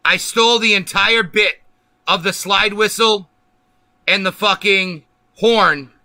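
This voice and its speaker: A man's voice: high voice, slow, pushed and bright, no room sound. A man hosting a political livestream, ranting angrily and emphatically with lots of profanity. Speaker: livestream host.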